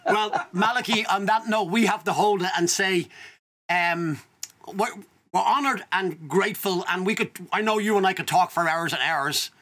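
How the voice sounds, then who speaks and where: Bright, high-voiced Irish man hosting. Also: moderate pace. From Ireland. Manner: openly emotional, chatty, laughs often. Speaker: host. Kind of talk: casual interview chat.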